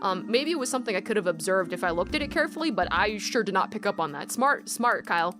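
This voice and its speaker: A woman giving casual, excitable commentary as she plays a game, chatting and thinking aloud. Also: medium pitch, quick pace, over music. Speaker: let's play commentator.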